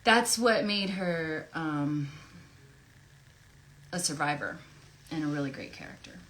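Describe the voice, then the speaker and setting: Chatty woman with a lowish voice. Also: expressive, takes it slowly, a little hiss or hum. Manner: chatty and effusive, thinks out loud. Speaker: voice actress at an autograph signing. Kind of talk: casual livestream Q&A chat.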